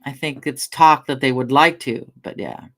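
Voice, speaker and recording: A woman's voice: extremely low pitch, normal speed, fairly bright tone. Middle-aged woman rambling through stories. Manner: rambling storyteller, swears casually, talks to chat. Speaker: livestreamer. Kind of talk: casual livestream chat.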